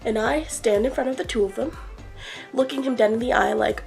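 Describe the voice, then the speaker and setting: A woman vlogger telling an exasperated story in a casual rant, animated as she acts out what people said. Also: a little high, fairly quick, gravelly, faint music behind, poor audio. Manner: exasperated, animated retelling with acted quotes.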